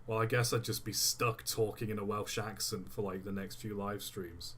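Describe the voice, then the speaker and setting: A man's voice: on the low side, fairly even intonation, normal speed, fairly bright tone, slight background noise. A man streaming live, chatting casually and thinking aloud while he builds a model, often distracted mid-sentence.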